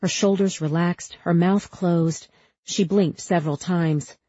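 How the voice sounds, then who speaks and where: Low, husky woman narrating an audiobook. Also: steady tone, unhurried, dark tone, no echo, dull audio. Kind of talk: scripted narration.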